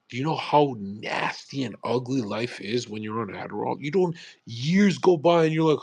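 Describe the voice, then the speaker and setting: A man's voice: medium pitch, unhurried, vocal fry, breathy edge, dry recording. A man streaming on a live audio space, rambling in a casual monologue full of swearing and "bro". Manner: profane, animated, calls listeners "bro".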